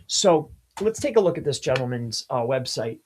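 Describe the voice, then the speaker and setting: A man in the role of SEO consultant walks viewers through a screen-share tutorial, addressing them directly with strong emphasis. His pitch sits in an ordinary middle range but swings widely from phrase to phrase. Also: very animated, moderate pace, darkish tone, slight background noise.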